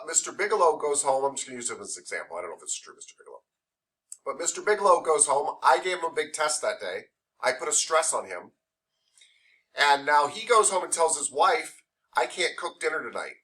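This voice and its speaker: A man's voice: fairly high pitch, bright, forceful tone, recorded from a distance. A man teaching a massage therapy class, lecturing conversationally and explaining ideas through playful made-up examples.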